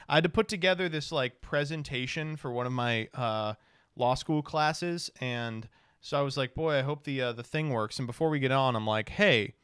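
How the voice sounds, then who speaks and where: A man's voice: mid-range voice, a bit bright, clear, resonant tone, no echo, clean studio sound. A man in his twenties, a law student, telling a rambling, joking, profane travel story. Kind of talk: casual storytelling recap.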